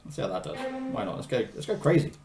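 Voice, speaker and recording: A man talks casually while he composes, singing little melody lines with a lively, bouncing pitch. His voice sits in a roomy space with loud music playing under it. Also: fast, gravelly. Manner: playful, hums and sings melody lines aloud.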